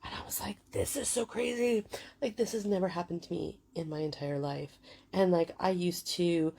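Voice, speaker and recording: Gravelly woman in her forties. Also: on the low side, normal speed, warm tone. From United Kingdom. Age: 40s. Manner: chatty, frequent fillers and swearing. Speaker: vlogger. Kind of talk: casual storytelling.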